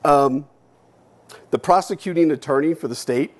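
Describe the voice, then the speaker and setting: A man giving a keynote speech, telling a personal story bluntly and candidly, swearing freely and moving between loud and hushed delivery. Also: a little high, moderate pace. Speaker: keynote speaker. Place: lecture hall.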